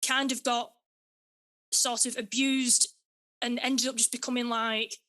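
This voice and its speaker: A woman's voice: fairly high pitch, level tone, unhurried, sharp tone. A woman chatting on a film podcast, talking in a chatty way with hesitant restarts. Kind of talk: casual film discussion.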